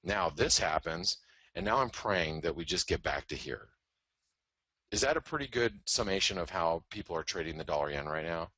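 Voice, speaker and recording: A man's voice: deep voice, animated, normal speed, sharp tone, dry recording. A man hosting a live trading show, giving candid, joking market commentary full of "you know" asides. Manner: candid, joking, self-deprecating, many "you know" fillers. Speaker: host and trading educator.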